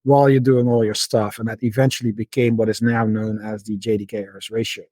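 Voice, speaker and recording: A middle-aged man with a husky, slightly breathy voice speaks as a podcast guest. He explains his ideas in a loose storytelling manner, stumbling over and repeating words as he goes. The recording is dry and close, with no room sound. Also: lowish voice, fast talker, dry recording. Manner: repeats words and restarts often, relaxed storytelling. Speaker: podcast guest, market analyst. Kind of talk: conversational interview.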